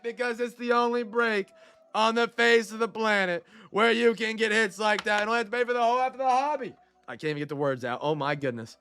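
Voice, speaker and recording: A man hosting a live card break, excitable and shouting over big pulls, with a stuffed nose. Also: high-pitched, brisk, soft background music.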